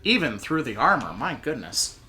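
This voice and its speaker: A woman's voice: rumbling low, sing-song, moderate pace, bright, forceful tone, a little hiss or hum. Giggly woman joking through a game. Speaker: game player host. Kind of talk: casual let's-play commentary.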